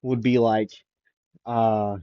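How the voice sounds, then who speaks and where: A man's voice: fairly low pitch, little pitch movement, very slow, dry recording. A man improvising a fan story, rambling with many fillers and restarts, keeping his voice down after a sore throat. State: recovering from a sore throat, avoids raising voice. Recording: dull lo-fi mic, dry.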